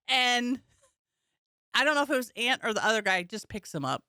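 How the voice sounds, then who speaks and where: A woman's voice: a little high, smooth, no room sound, clean studio sound. A woman comedian co-hosting a casual podcast, telling a story with energy and acting out the people in it. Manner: animated storytelling, acts out the people she talks about.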